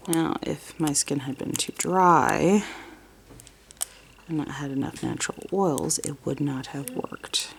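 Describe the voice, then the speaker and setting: Woman, nail tutorial vlogger, unhurried and a bit low, noisy room tone. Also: vocal fry. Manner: soft and low while working, higher and cooing when talking to the cat. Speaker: nail art creator. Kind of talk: casual nail tutorial with asides to her cat.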